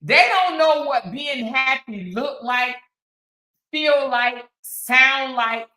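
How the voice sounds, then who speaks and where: Female host, sassy and emphatic, bright voice in a roomy space. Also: high-pitched, animated, slow. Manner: sassy, emphatic, talks back to chat. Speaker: commentary show host. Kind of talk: casual commentary stream.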